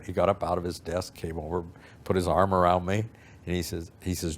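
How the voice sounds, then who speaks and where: A man's voice: low voice, steady tone, brisk. An older man telling a story from his youth in an archival interview, rambling and acting out the people he quotes.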